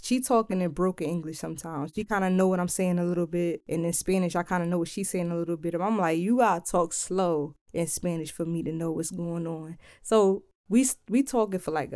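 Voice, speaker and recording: A young woman from Philadelphia casually telling a travel story in a laid-back, slangy, animated way. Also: fairly low pitch, no echo, studio quality.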